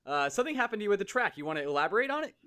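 A young man hosts a casual podcast, teasing his friends with a joking, playful delivery. His voice sits a bit high and swings up and down a lot. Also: very animated, rapid-fire, bright, forceful tone, smooth. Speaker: podcast host. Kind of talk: casual chat.

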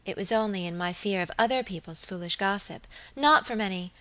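A woman's voice: mid-range voice, a little fast, sharp tone, no room sound, natural voice. A woman reading a coquettish young lady. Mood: teasing. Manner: teasing, playful. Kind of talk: audiobook character reading.

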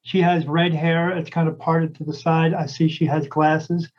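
A man with a notably high voice tells a story in a loose, rambling way, stopping and restarting and acting out what others said. He speaks as a psychic medium in a casual conversation. The sound is a little dull and lo-fi. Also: level tone, moderate pace. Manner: rambling, full of restarts and acted-out quotes.

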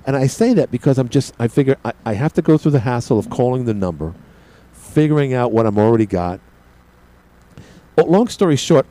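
Brooklyn-accented male talk host, mellow voice that swings up and down, digressive and self-mocking. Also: medium pitch, poor audio. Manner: chatty, digressive, self-deprecating. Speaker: radio show host. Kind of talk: rambling monologue.

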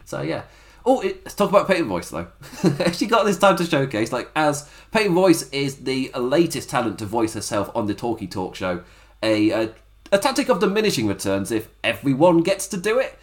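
A man's voice: mid-range voice, very animated, moderate pace. A man giving a chatty, rambling spoken recap of a wrestling show, laughing often and acting out quotes.

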